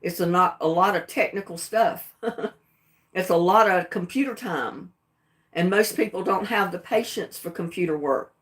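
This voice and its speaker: A woman's voice: on the low side, normal speed, a bit bright. Defiant Southern-accented woman on a livestream. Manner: defiant, plainspoken, emphatic. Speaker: livestream host. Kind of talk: casual livestream talk.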